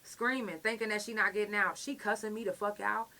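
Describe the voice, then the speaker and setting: A young woman tells a story casually and bluntly, full of profanity. She has a bright, ringing voice at middle pitch. She acts out the people she quotes with animation. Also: steady tone, brisk. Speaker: podcast host.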